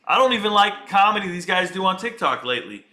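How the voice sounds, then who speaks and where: Hosting a live reaction stream, a man jokes around and speaks straight to his viewers in a loose, chatty way. His slightly high voice has a bright, forward edge, big pitch swings, and he talks fast.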